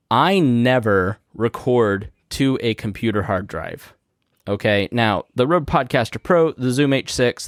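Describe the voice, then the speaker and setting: A man's voice: mid-range voice, dry recording. Man explaining a podcast how-to, dry sound. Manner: conversational, walks through steps plainly. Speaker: podcast host. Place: home podcast studio. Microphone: studio microphone through a podcast mixing board.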